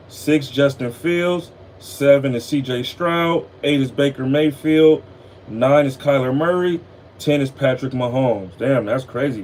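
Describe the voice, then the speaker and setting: A sports podcast host runs a casual football talk show, sounding laid-back, tired, loose, and freely profane. His voice is medium-pitched with a darkish tone, and a faint air conditioning hum runs behind him.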